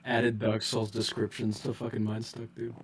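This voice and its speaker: A man's voice: fairly low pitch, monotone, moderate pace. Guy on a voice call chatting about a mod, lots of likes and swears, bit of hiss in the line. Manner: swears a lot, laughs often, loud bursts. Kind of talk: casual gaming chat.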